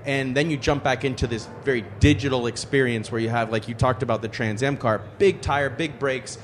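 A man who races cars explains calmly how driving old cars differs from driving new ones. His voice is middle-pitched and steady. Faint trade show ambience murmurs behind him. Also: a little fast, slight background noise. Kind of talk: casual chat. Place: busy trade show booth.

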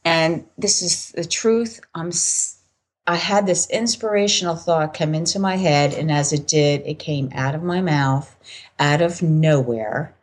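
Low-voiced woman in her fifties. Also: a little slow, rough recording. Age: 50s. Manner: candid, laughing, acts out dialogue. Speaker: podcast guest. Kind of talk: casual storytelling.

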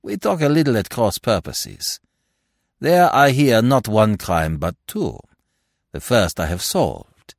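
A fussy, self-assured older Belgian detective , as a male narrator puts him on, lecturing with precise logic and brushing off sentiment. The voice sits deep and swings widely in pitch. It is recorded dry and close. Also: big pitch swings, slow, creaky, no echo, full character voice. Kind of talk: audiobook character reading.

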